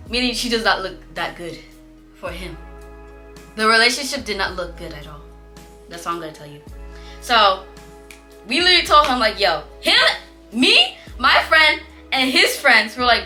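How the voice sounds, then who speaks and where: A young woman tells a story in a chatty, animated way, acting out what her classmates said in playful voices. Her voice is bright and on the high side, and it swings up and down a lot. Faint music plays behind her. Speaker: vlogger. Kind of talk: casual storytelling.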